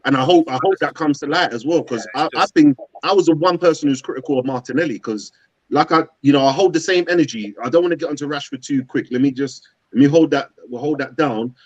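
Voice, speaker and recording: A man's voice: on the high side, fast talker, no room sound. A man talks football in a casual, slangy way, often doubling up his words as he goes. The sound is dull and dry, with little room around it. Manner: animated, slangy, repeats words. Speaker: co-host of a football fan show. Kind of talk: casual chat.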